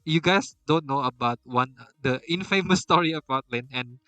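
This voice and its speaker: Bright-voiced man hosting casual chat. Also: a little high, moderate pace, no echo, far from the mic, soft background music, poor audio. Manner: rambling, laughs often, many restarts. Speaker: podcast host.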